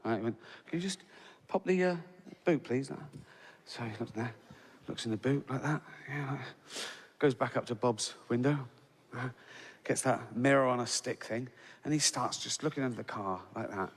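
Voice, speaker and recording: In a medium-pitched voice with a breathy edge and at normal speed, the English comedian in his sixties tells stand-up stories. He tags lines with "right?" and laughs at his own jokes, recorded with a long hall reverb.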